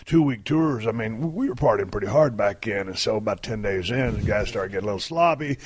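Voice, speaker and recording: A man's voice: on the low side, expressive, brisk. A man from Texas hosting a podcast interview, blunt and folksy and swearing freely. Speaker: podcast host. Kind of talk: casual interview.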